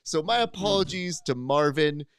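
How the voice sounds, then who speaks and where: A man hosting a casual panel show, chatty and playful, quick to laugh. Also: a little high, expressive. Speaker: host.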